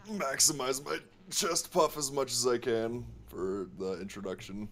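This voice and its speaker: A man's voice: mid-range voice, measured pace, fairly bright tone, a little hiss or hum. A man playing a tabletop game, describing his character's actions in a playful, joking way. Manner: playful, jokey. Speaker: player. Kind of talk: casual chat at a game table.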